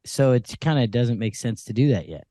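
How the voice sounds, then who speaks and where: A man's voice: medium pitch, expressive, brisk, warm tone, no room sound, clean studio sound. A young man co-hosting a podcast in casual comedic chat, laughing often and rambling with restarts. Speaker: podcast co-host. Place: hotel room.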